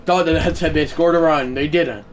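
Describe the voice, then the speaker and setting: A man streaming a baseball video game, calling the plays like a play-by-play announcer, shouting on big plays and muttering asides in between. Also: fairly high pitch, moderate pace, music in the background. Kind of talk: live gameplay commentary.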